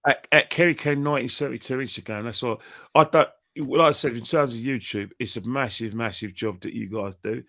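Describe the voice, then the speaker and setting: A man talking as a guest, rambling on and doubling back over his words with a cheeky edge. His voice sits at an ordinary middle pitch. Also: a little fast, sharp tone. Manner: rambling, repeats himself, cheeky. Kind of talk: casual chat.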